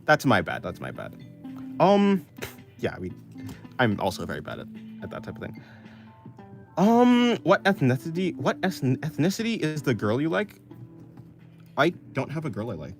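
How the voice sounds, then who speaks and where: Casting: male streamer, casual live chat, rambling and self-correcting, offhand, pitch that swings up and down, faint music under him. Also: wildly swooping pitch, normal speed, gravelly, long pauses. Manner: offhand, apathetic. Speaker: livestreamer answering chat.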